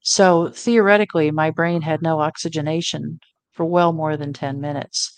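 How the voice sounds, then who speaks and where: A woman's voice: sits low, fairly even intonation, moderate pace, no room sound. A middle-aged woman telling a personal story as an interview guest, earnest and reflective. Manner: earnest, reflective, quotes her own thoughts.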